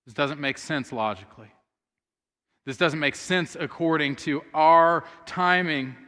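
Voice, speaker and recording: In a church sanctuary with long hall reverb, a man preaches as pastor, earnestly telling a story and voicing the sisters' words aloud. His pitch sits fairly high, his pace is unhurried, and his tone is bright and forceful.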